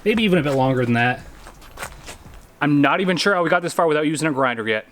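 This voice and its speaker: A man's voice: a little high, lively intonation, fast talker, a bit bright. Joking guy in echoey garage. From Canada. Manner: joking, offhand, mildly profane. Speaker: vlogger building a drag lawnmower. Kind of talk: casual workshop vlog. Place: home garage workshop. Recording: echoey garage, faint noise.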